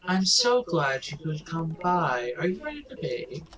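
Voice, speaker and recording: A man's voice: a little high, very animated, unhurried, a crowd in the background, pitched above the performer's own voice. A man voicing a friendly, upbeat dad character while reading game dialogue aloud, with game music behind. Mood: cheerful.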